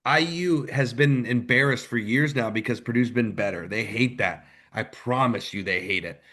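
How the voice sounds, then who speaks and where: A man's voice: mid-range voice, moderate pace. Ranting male sports podcast co-host. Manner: ranting, animated, jumps between loud and quiet. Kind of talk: live postgame sports chat.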